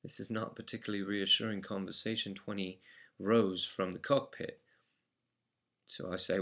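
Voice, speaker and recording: A man's voice: fairly low pitch, little pitch movement, moderate pace, bright, forceful tone. A man with an English accent telling a first-person anecdote in a matter-of-fact, dry way. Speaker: storyteller.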